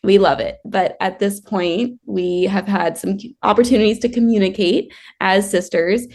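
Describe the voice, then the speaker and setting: A woman's voice: medium pitch, fairly even intonation, moderate pace, a little mellow. Chatty woman podcast co-host, storytelling. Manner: storytelling, laughs often. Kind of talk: casual podcast chat.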